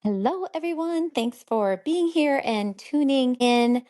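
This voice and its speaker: A woman's voice: high voice, lively intonation, unhurried, music in the background. A middle-aged woman hosting a solo podcast as a therapist, talking conversationally and explaining ideas through everyday examples.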